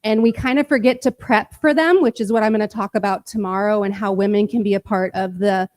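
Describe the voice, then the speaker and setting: A woman answers interview questions on a festival stage, speaking into a handheld mic. She talks directly and earnestly, in a confident middle-pitched voice. The recording is dry and close. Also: fairly even intonation, a little fast, darkish tone, dry recording. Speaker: paramedic and midwife instructor, guest. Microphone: handheld microphone.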